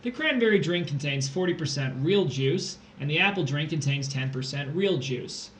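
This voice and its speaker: A young man with a slightly high, animated voice tutors test prep on a casual livestream at normal speed, playful, jokey, and theatrical. The room is echoey, with faint background noise.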